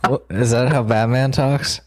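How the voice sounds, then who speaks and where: Man, podcast co-host, casual comedic chat, rambling, profane, mid-pitched voice. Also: fairly even intonation, unhurried.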